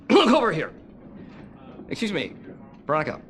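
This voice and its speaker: A man putting on a dim-witted, awkward grown man who flirts loudly and eagerly. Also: high-pitched, huge pitch swings, unhurried, slight background noise, voice pushed up, full character voice.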